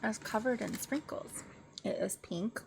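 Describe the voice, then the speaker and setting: A woman's voice: mid-range voice, unhurried, vocal fry, slight background noise. A young woman streamer chatting casually from home into a desk mic, rambling and laughing easily. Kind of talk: casual chat.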